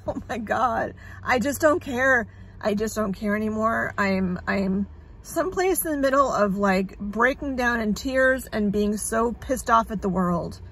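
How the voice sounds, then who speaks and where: A woman's voice: medium pitch, measured pace, a bit bright, slight background noise. A woman talking candidly in a casual vlog, sarcastic and frazzled, rambling and swearing freely. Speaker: vlogger sharing her illness journey.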